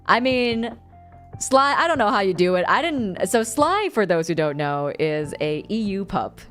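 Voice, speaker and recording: A woman's voice: medium pitch, a little slow, faint music behind. A young woman streaming live, casually chatting with her viewers, reading their messages aloud and laughing often. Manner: animated, laughs often, reads chat aloud.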